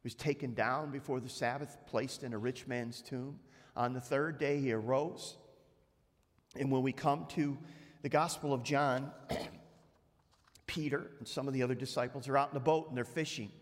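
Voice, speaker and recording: A man's voice: medium pitch, steady tone, normal speed. A male pastor preaching a sermon, retelling scripture conversationally with frequent restarts. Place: church sanctuary. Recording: long church hall reverb.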